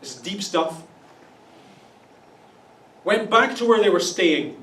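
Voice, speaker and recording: A man delivers an Easter sermon with a high, light voice and dry, joking asides. He sounds set back from the microphone, and his words ring through a large, echoey church hall. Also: takes it slowly, a bit bright. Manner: wry, playful asides with mock voices. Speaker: pastor. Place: church auditorium. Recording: echoey room, distant mic.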